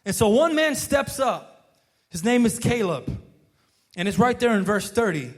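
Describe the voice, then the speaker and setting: Pastor, male, high voice, earnest casual preaching, chatty restarts. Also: sing-song, measured pace. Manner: earnest, peppers talk with "man" and "right?", frequent restarts. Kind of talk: casual conversational sermon.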